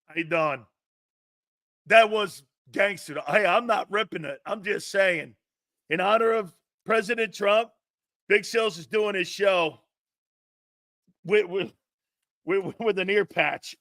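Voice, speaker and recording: A man's voice: high voice, slow pace, pauses often, bright, forceful tone, no room sound, clean studio sound. A man hosting a sports talk show, giving brash, mocking opinions and laughing often.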